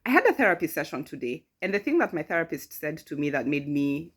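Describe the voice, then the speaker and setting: A woman in her thirties with a fairly low voice talks casually to her camera and a friend. She is animated and keeps repeating her friend's lines for emphasis. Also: fast talker, slightly rough. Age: 30s. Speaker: vlogger. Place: in bed indoors.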